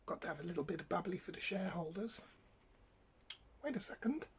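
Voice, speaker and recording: A woman's voice: lowish voice, brisk, slight background noise. A British woman vlogging in a mock-posh put-on voice, swearing and chuckling as she reacts to the news. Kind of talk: comic news-reaction vlog.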